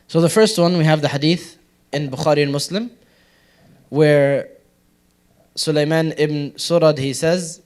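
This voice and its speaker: The voice belongs to a young man, on the high side and a little mellow. As a religious teacher in a community center classroom, he runs an informal, interactive study circle full of audience questions, jokes and laughter.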